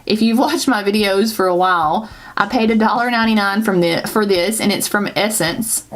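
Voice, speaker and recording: A woman's voice: mid-range voice, moderate pace. A woman with a Southern US accent, chatting and rambling through a casual makeup tutorial as a beauty vlogger. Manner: chatty, rambling, self-correcting with laughs.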